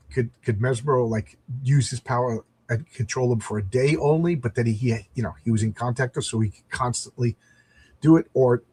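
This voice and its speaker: A man's voice: medium pitch, darkish tone, breathy edge, dry recording. A middle-aged man chatting casually as he reviews a comic book, rambling and reading panels aloud.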